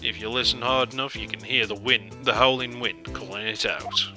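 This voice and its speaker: A man voicing a laconic cowboy detective, speaking slowly and poetically with a put-on cowboy drawl. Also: medium pitch, fairly even intonation, over music, voice pushed down, close to an everyday voice. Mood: folksy. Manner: slow, poetic, folksy.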